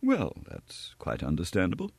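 A man doing a sneering, composed gentleman. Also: fairly low pitch, very animated, moderate pace, no room sound. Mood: contemptuous. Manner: quiet, supercilious, amused contempt. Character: composed, sneering middle-aged gentleman, contemptuous.

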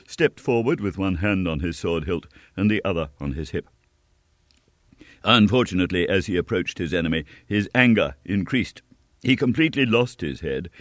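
Low voiced guy reading an audiobook, lively ups and downs, dry sound. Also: dry recording. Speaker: narrator. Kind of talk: audiobook narration.

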